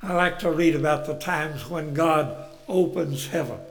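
Male preacher, unhurried folksy sermon, pitched up high, chuckles and asks the crowd questions, faint music underneath. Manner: storytelling with rhetorical questions and chuckles; swells loud on key phrases.

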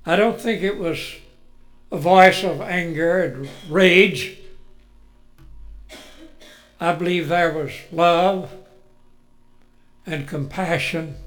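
A man preaching a sermon in an earnest way, moving between loud emphasis and hushed words. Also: on the high side, slow pace, pauses often, soft background music.

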